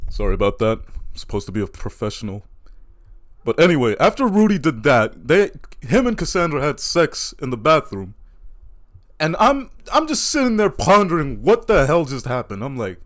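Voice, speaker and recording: A man's voice: medium pitch, very animated, normal speed. A man doing a stand-up comedy routine, telling crude, self-mocking stories.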